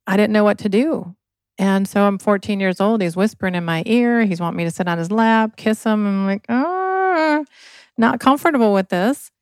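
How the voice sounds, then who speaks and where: A woman's voice: medium pitch, a little mellow, clean tone, no room sound. A woman from Michigan, an interview guest, telling her life story earnestly and with emotion. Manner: earnest, emotional, acts out quoted voices. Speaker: podcast guest, inventor.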